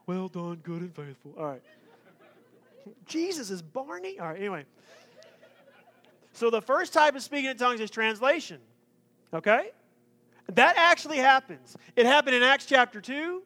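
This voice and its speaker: A man preaching a sermon, joking and lively in his asides. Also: very high-pitched. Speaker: pastor.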